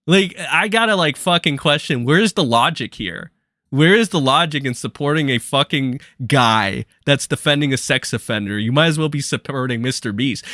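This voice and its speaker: A man's voice: fairly high pitch, a bit bright, no room sound, clean studio sound. A young man hosting a live stream, delivering angry, profane commentary.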